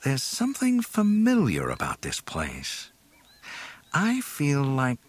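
A man's voice: medium pitch, huge pitch swings, takes it slowly, breathy edge, voice pushed up, heavily acted. A man voicing a weary, uneasy young male pilot stranded in a swamp, sounding glum. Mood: musing.

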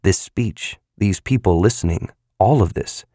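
A man reading a novel aloud as a narrator in a measured, even way. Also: sits low, breathy edge, no echo, clean studio sound. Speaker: audiobook narrator. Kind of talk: scripted narration.

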